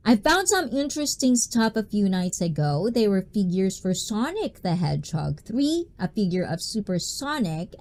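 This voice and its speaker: A woman's voice: lowish voice, a little mellow. A woman hosting a casual livestream, chatting playfully, reading viewers' messages aloud and laughing often. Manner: playful, talkative. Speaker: livestream host.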